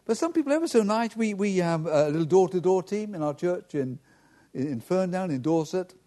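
Earnest preacher with a lively high voice. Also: male voice, a little fast. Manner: earnest, direct preaching to the congregation. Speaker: pastor. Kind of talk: sermon.

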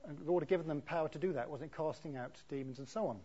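A man preaching a sermon in a conversational way, often asking rhetorical tag questions, with a husky voice. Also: a little high, rapid-fire, warm tone. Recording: dull lo-fi recording.

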